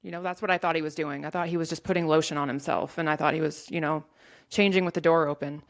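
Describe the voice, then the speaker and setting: A woman telling a painful personal story in an interview, in a halting way with many restarts. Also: low-pitched, fairly even intonation. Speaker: guest sharing her story.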